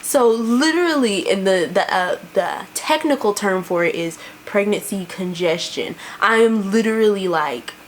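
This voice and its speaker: A woman's voice: medium pitch, animated, a little slow, hardly any pauses, a little hiss or hum. A young woman chatting casually to camera as a vlogger at home, laughing often and filling with "like" and "you know".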